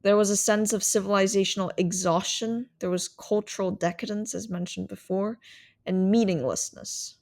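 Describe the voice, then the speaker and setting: A woman's voice: medium pitch, steady tone, normal speed, creaky, darkish tone. A woman hosting a solo podcast, explaining ideas in a reflective, thinking-aloud way. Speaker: podcast host.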